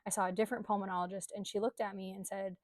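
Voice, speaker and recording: A young adult woman recounts her own experience in a relaxed, conversational vlog manner, sprinkling in ums and likes. Her voice sits at an ordinary middle pitch, and the recording is dry and close with no room echo. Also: racing. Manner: candid, conversational, with frequent um and like. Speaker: coach. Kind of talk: personal storytelling vlog.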